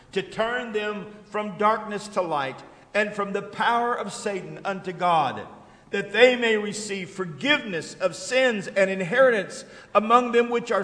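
A man preaching a sermon as pastor, halting often and repeating words with frequent uh's. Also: sits high, a bit bright. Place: church sanctuary. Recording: echoey church hall.

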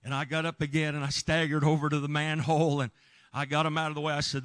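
A man's voice: on the high side, level tone, quick pace, no room sound. A man preaching, telling a rescue story in an earnest, emphatic way. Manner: earnest, emphatic, shouts when reliving moments. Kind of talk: sermon storytelling.

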